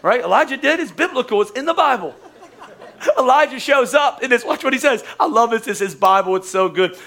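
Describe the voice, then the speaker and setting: A man, a pastor preaching a lively, joking sermon in a church service, repeating phrases for emphasis. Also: very high voice, a little fast.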